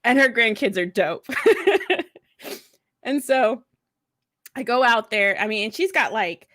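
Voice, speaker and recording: A woman's voice: on the high side, moderate pace, fairly bright tone, dry recording, studio quality. A woman in her thirties, a veteran and mother, telling candid stories at a mental health event in a blunt, profane way, often laughing. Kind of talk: candid storytelling.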